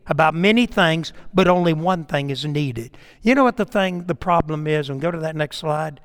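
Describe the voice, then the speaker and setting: A middle-aged man preaching a sermon in an animated way, calling on listeners by name and often repeating himself. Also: on the high side, fairly quick, hardly any pauses. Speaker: pastor.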